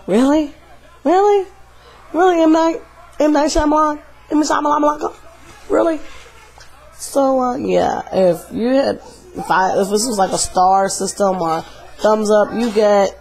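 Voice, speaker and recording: A woman talks through a horror film in a casual video review. Her delivery is animated and slangy, with emphatic punches on key words and a loose, chatty flow. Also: medium pitch, gravelly. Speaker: movie reviewer.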